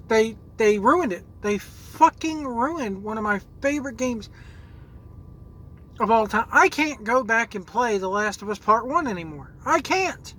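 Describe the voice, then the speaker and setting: Slow and punctuated by long pauses, a gaming host's high, sharp voice carries lively intonation as he furiously rants about a video game. He curses and repeats words while figuring out what to say, and the recording quality is low.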